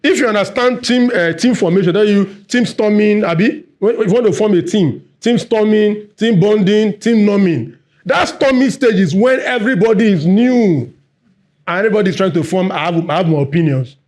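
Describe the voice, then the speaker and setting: Male workshop trainer, fast-talking, high-pitched, audience-engaging. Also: darkish tone. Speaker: workshop facilitator. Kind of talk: live workplace training talk.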